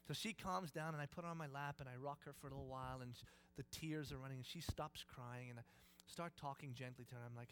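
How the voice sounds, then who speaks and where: A man in his thirties preaching, telling a family story with lively acted-out voices and frequent laughs. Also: medium pitch, fast talker, few pauses, a little hiss or hum. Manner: animated, acts out voices, laughs often. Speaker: pastor. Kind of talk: sermon storytelling.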